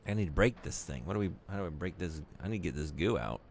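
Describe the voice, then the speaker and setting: A man's voice: low voice, animated, fast, creaky, a little hiss or hum. A young man streaming a game, joking and teasing his viewers in casual chat.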